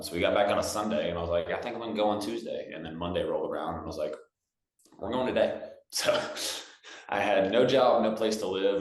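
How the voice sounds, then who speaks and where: Man, young adult, from Texas, very low voice, casual storytelling, echoey room. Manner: relaxed, chatty, with many fillers and restarts. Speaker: guest singer-songwriter. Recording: roomy echo.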